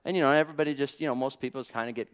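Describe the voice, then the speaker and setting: A man's voice: medium pitch, rapid-fire. A man preaching a sermon in an impassioned, conversational way, dropping in exclamations of praise.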